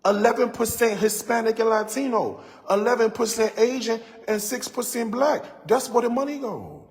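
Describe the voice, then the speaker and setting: A man's voice: very high-pitched, fairly even intonation, moderate pace, hardly any pauses, big-room sound. A man giving impassioned commentary on a livestream, emphatic and preachy, repeating his key points for effect. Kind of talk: impassioned social media commentary.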